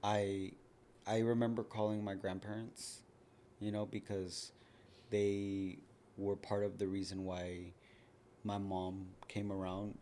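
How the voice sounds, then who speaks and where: A slight hiss or hum sits under this recording of a man in his thirties, whose fairly low voice is a little mellow. As a podcast guest, he talks openly and conversationally about his own life, using "like" a lot.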